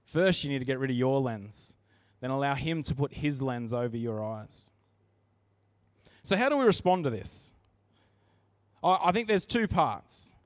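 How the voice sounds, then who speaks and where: A man's voice: medium pitch, expressive, a little slow, long pauses, dry recording. A man preaching a sermon in church, earnest and conversational, often restarting his sentences.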